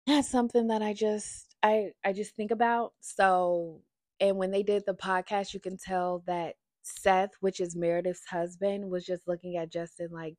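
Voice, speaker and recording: Casual woman reviewer, mid-range voice, dry and close, talks fast and gets loud when riled. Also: mid-range voice, no room sound. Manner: chatty, animated, gets loud when worked up. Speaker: reality TV reviewer.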